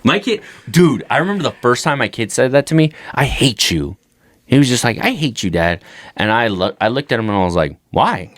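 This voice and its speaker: A man's voice: mid-range voice, expressive, a little fast, a bit bright, no room sound, clean studio sound. A man in his thirties telling crude, joking stories with plenty of swearing as a comedy podcast co-host. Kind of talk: casual comedy podcast banter.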